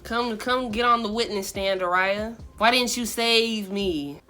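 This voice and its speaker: Bright-voiced, animated young woman storyteller. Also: mid-range voice, measured pace. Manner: animated, dramatic, slangy storytelling. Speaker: vlogger. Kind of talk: storytime while getting ready.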